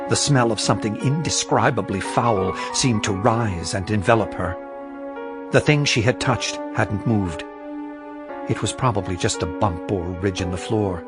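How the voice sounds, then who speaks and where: Low-voiced male audiobook narrator. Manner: measured, suspenseful. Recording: dry studio voice with faint music.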